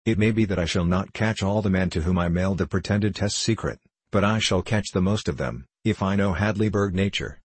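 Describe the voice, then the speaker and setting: A man voicing a scornful, vengeful male stranger in a measured, contemptuous audiobook reading. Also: low-pitched, slightly rough, no echo.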